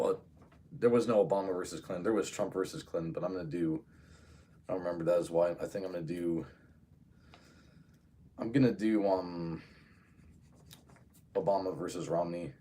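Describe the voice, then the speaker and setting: A man's voice: deep voice, steady tone, fairly quick, long pauses, warm tone. A man talking casually in a solo vlog, rambling and hesitant as he thinks aloud. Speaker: video creator.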